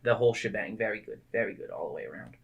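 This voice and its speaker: A man co-hosting a casual movie podcast, swearing often and animated, jumping into voices when he quotes scenes. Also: fairly low pitch, very fast, vocal fry, slightly rough, narrow, tinny audio. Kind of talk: casual chat.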